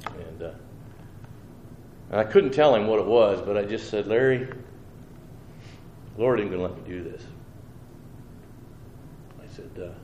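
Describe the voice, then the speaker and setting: A man's voice: on the low side, expressive, unhurried, long pauses, dark tone, dull audio. Earnest man telling his testimony, roomy sound. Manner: earnest storytelling with homespun phrasing; acts out his own thoughts and replies. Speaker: preacher. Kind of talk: personal testimony. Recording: roomy with faint background noise.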